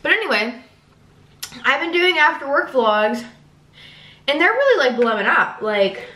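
A woman's voice: sits high, sing-song, measured pace, pushed and bright, echoey room, far from the mic, a little hiss or hum. A young woman talking casually to the camera in a vlog, rambling and swearing as she chats about her day. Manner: rambling, swears casually, fillers and self-talk. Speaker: vlogger.

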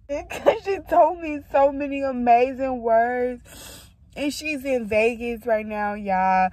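Her voice is a little high and slightly mellow, slow-paced, in a dry recording. Sitting in her parked car, this twenty-something vlogger shoots a casual phone video, tearful and crying at times as she rambles with blunt, profane emotion.

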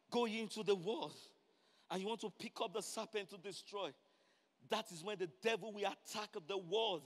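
A man preaching a sermon, building from quiet explanation to shouted, repeated refrains. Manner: builds from low talk to shouted climaxes, repeats phrases. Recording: long hall reverb.

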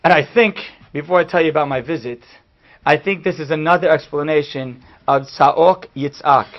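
A man, a rabbi giving a class, telling a story in an animated way that swings from hushed to loud. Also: on the high side, normal speed. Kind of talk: storytelling lecture. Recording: dull lo-fi recording.

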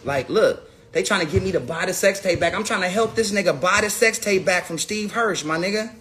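A man's voice: high voice, a little fast, bright, forceful tone, a little hiss or hum. A man ranting unscripted to his viewers, profane and rambling, often restarting his sentences. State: says he is high. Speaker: person telling his side of a story.

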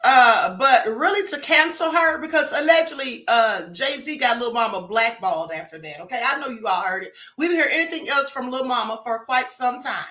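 High bright-voiced woman hosting a livestream. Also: expressive, moderate pace, few pauses, roomy sound. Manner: chatty, greets viewers by name, asks for likes. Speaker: livestream host. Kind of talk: casual livestream commentary.

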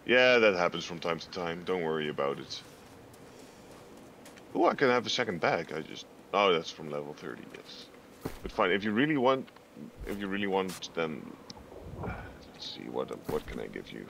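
A man's voice: low voice, big pitch swings, normal speed, vocal fry, fairly bright tone, slight background noise. A man, playing a game and teasing his co-streamer in dry banter. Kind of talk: casual gameplay chat.

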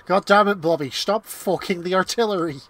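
A man's voice: sits high, brisk, fairly bright tone. A man trading jokes and swearing freely while playing a co-op game on stream. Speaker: co-op gamer on stream. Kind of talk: casual gaming banter.

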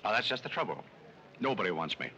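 A man's voice: lowish voice, very animated, fast, pushed and bright, muffled recording, heavily acted. An actor playing a dry, urbane, down-and-out man in a 1930s film. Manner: wry, understated, suave. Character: dry, urbane forgotten man, middle-aged. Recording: noisy 1930s film soundtrack.

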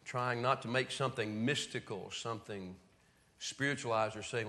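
Medium-pitched and speaking at a normal speed with long pauses, a middle-aged man preaches in a church sanctuary, first with folksy stories, then with a quiet, heartfelt appeal. His live-streamed sermon has a reverberant church hall sound.

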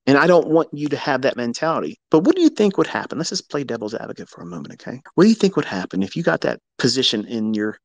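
A man's voice: mid-range voice, dry recording. A man teaching trading in a live audio room, talking bluntly and with profanity, often rising into heated outbursts. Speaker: trading educator.

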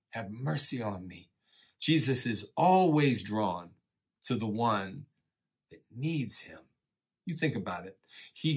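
A middle-aged man teaching a church lesson in a relaxed, folksy way, encouraging listeners and often saying "man" and "you know.". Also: mid-range voice, husky. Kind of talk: casual conversational sermon.

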